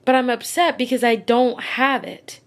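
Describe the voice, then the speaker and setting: A young adult woman with a slightly high voice talks at a moderate pace with fairly even intonation. In a casual vlog, she rambles in frustration, using lots of fillers, short of breath and close to tears.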